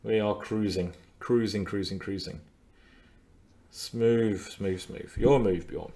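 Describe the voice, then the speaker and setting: A man's voice: fairly low pitch, steady tone, slow, dark tone. A man coaching chess on a live stream in a chatty, playful way, often repeating his words. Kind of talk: casual live-stream commentary.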